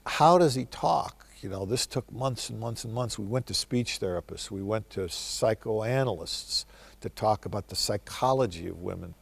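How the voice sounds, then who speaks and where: Older man, low gravelly voice, husky edge, wry reflective storyteller. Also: expressive, normal speed, no room sound. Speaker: film director interviewee. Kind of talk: anecdotal interview answers.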